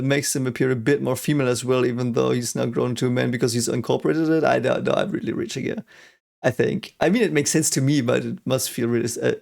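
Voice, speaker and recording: Gravelly-voiced man reacting to anime. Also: mid-range voice. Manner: excitable, swears, many restarts and fillers. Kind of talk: casual reaction commentary.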